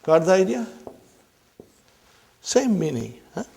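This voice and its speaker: Male classroom teacher, slow deliberate delivery with a gravelly edge, keeps quizzing the class and asking if they follow. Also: high-pitched, very animated, warm tone. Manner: repeats questions to the class, checks understanding with "huh?" and "are you with me"; addresses listeners as brothers and sisters. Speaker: Arabic language teacher. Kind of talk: classroom grammar lesson.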